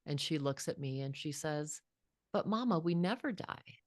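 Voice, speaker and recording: A woman's voice: low-pitched, expressive, normal speed, a little mellow, no room sound, studio quality. A woman in her fifties, a guest author, telling a personal story in an earnest, reflective way with frequent restarts. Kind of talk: heartfelt storytelling.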